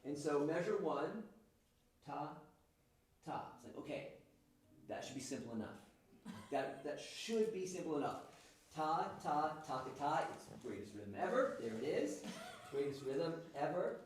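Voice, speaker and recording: A man's voice: fairly high pitch, sing-song, moderate pace, a little mellow, slight background noise. A man leading a music workshop, demonstrating rhythms by chanting and counting aloud for a group. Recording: echoey room, from a distance.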